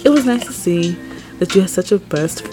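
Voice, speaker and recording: Expressive woman reading a romance story. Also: lowish voice, normal speed. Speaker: fan fiction reader. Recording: music playing behind the voice.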